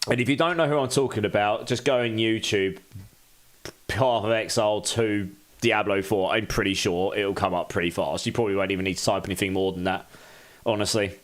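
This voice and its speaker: A man's voice: on the low side, fairly even intonation, brisk. A man chatting casually on a live game stream, thanking viewers and speaking candidly.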